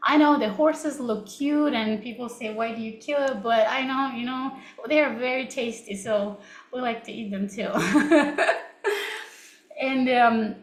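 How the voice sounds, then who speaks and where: A woman's voice: fairly high pitch, a little slow. A young woman from Kazakhstan whose first language is Kazakh, giving a chatty, upbeat English session and laughing often. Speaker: English speaker at a learning session. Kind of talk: casual live teaching talk. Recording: roomy echo.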